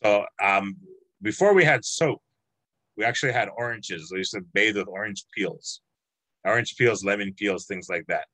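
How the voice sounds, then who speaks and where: A man's voice: lowish voice, normal speed, sharp tone, no echo, low-quality recording. A man teaching a language class over a video call, patient and encouraging, drawing out words as he explains.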